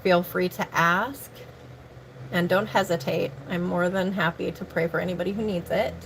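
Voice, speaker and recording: Brief: woman, lowish pitch, earnest livestream Bible reader, slightly breathless, faint background noise. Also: steady tone, moderate pace, creaky, low-quality recording. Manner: earnest, warm toward viewers, rambling when off-script. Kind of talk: Bible reading and casual chat with viewers.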